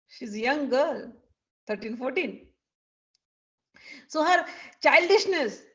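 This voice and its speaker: A woman telling a devotional story in an animated way, acting out the characters. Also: high-pitched. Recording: dull lo-fi recording.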